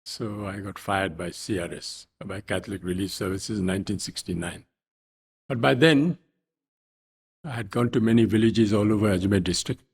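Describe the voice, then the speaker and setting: An older man from India, a guest telling wry stories in an unhurried, anecdotal way in an interview. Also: lowish voice, husky. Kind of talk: storytelling interview.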